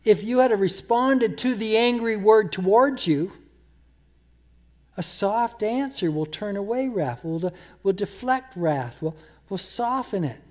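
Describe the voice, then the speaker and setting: A man preaching a sermon, emphatic, repeating words and slowing down to quote scripture. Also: high voice, animated, darkish tone. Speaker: pastor.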